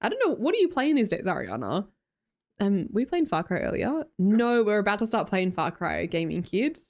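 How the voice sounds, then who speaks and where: A woman's voice: mid-range voice, big pitch swings, fairly quick, a little mellow. A young Australian woman chatting casually on a live stream, greeting chatters and laughing often. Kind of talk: casual live-stream chat, reading chat aloud.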